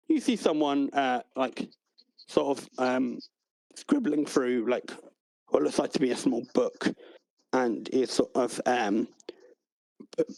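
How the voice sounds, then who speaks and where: A man's voice: mid-range voice, darkish tone, no echo, rough recording. A man narrating as game master in a tabletop game, hesitant and full of fillers.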